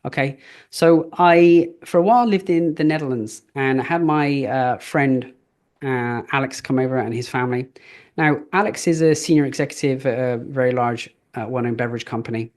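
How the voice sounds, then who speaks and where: A man's voice: medium pitch, moderate pace, darkish tone. A middle-aged man giving a live business coaching session, casual and chatty, telling stories with fillers. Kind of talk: live training talk.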